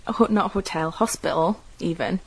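A young woman from North East England speaks with a softened Geordie accent in a slightly low register. She recalls her own life in an easygoing, rambling way, peppering her speech with fillers and stopping to fix her own words. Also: normal speed, husky, low-quality recording. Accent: mild Geordie. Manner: chatty, with frequent fillers and self-corrections. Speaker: interviewee describing her own dialect. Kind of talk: casual personal recollection.

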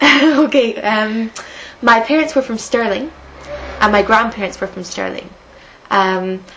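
A young woman from Edinburgh with a slightly lilting Scottish accent, unhurried and soft-spoken, reading a passage and then talking with some hesitation. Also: mid-range voice, a little hiss or hum, low-quality recording. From Scotland. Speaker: accent study speaker.

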